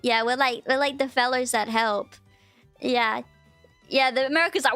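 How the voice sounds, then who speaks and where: High-voiced chatty Australian woman streamer. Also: measured pace, pauses often, pushed and bright, dry recording, faint music behind. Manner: chatty and rambling, lots of restarts. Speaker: VTuber streamer. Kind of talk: casual livestream chat.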